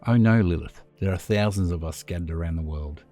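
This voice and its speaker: Man as a calm, commanding vampire leader. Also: sits low, a little fast, soft background music, lightly acted. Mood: menacing calm. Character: calm, menacing centuries-old male vampire leader.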